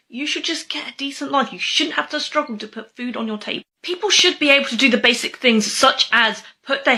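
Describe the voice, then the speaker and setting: A woman speaks earnestly, with frustration, about working people being taken advantage of. Her voice is high and bright with a tense edge. She talks in a casual, direct way. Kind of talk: casual opinion video.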